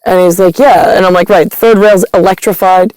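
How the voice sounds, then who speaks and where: A woman's voice: lowish voice, fairly even intonation, fairly quick, darkish tone, no echo, low-quality recording. A woman telling a long, rambling personal story, retelling conversations line by line, with many fillers and restarts. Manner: retells conversations with quoted dialogue.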